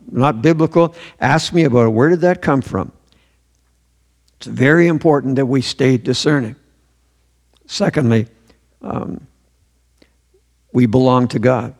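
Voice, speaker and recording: A man's voice: mid-range voice, a little mellow. A man preaching a sermon in a church, earnest and emphatic, repeating his key phrases. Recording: long hall reverb.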